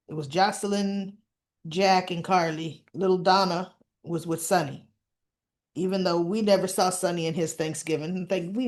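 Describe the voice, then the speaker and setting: A woman hosting a soap opera recap, talking casually and with strong opinions, acting out the characters' lines in quick quotes. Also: mid-range voice, a little mellow. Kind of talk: casual chat.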